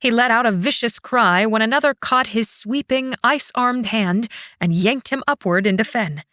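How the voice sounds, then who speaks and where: A woman narrating a fantasy audiobook in a dramatic, expressive way. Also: a little high, moderate pace, dry recording, studio quality.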